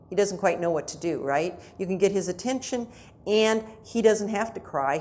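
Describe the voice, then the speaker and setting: Lady giving a talk to parents, kinda low voice, chatty, keeps checking in w the crowd. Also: a little hiss or hum. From United States. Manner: conversational, lively, with asides to the audience. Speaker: psychologist giving a lecture to parents. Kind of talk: conference lecture. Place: conference hall.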